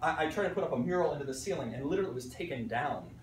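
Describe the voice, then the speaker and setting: A man from Pittsburgh, an art teacher giving an animated conference talk to fellow teachers, acting out voices and checking in with "right?" as he goes. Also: on the high side, rapid-fire, a little hiss or hum. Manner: animated storyteller, acts out voices, frequent "right?". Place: conference room. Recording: echoey room recorded from a distance.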